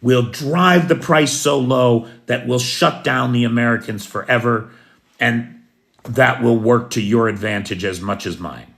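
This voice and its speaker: A man voicing a smooth-talking oil prince. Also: mid-range voice, unhurried, a bit bright. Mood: scheming. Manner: soothing, falsely friendly. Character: smooth-talking male oil prince, apologetic yet scheming.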